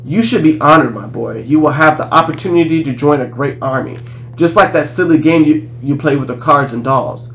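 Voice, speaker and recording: A man reading aloud, voicing a monster posing as a male teacher, slow and sinister. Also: fairly high pitch, a bit bright, highs cut off, slight background noise. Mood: menacing.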